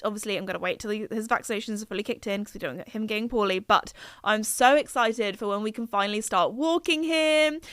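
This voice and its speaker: A woman's voice: medium pitch, a bit bright, no echo, clean studio sound. Chatty young woman podcasting. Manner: chatty and upbeat, often laughing. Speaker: podcast host. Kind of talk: casual solo podcast chat.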